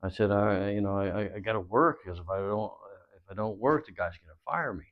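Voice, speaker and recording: A man's voice: lowish voice, a little fast. A man guest telling long wrestling-career stories in an interview, rambling with many fillers and acted-out dialogue. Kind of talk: storytelling interview. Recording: dull lo-fi audio.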